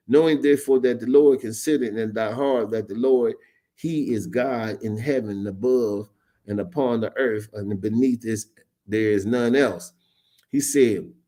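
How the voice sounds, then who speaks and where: A man preaching a sermon, reading scripture aloud and then retelling it in casual street slang, his voice jumping high on emphatic words. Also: warm tone.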